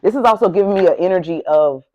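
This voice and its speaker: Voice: mid-range voice, fast talker, darkish tone, lo-fi sound. An adult tarot reader doing a casual reading to camera, speaking bluntly and emphatically with lots of profanity and a heated, ranting delivery.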